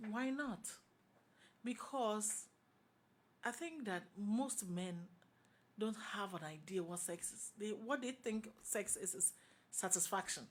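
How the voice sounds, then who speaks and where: A woman with a Ghanaian English accent, speaking as a talk show panelist in a passionate, opinionated discussion, forceful and repeating her points for emphasis. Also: mid-range voice, animated, takes it slowly, pauses often.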